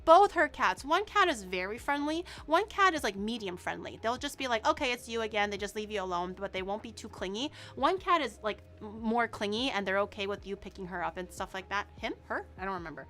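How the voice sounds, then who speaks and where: A young woman streamer chatting casually to her viewers, animated and swearing, her voice swinging from loud bursts to low mumbles. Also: brisk, hardly any pauses.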